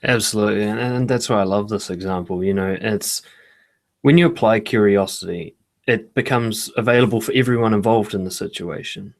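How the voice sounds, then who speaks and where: A man speaking as an author and guest, explaining calmly in a casual interview with occasional swearing. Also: on the low side, fairly quick. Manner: calm, matter-of-fact, casual swearing.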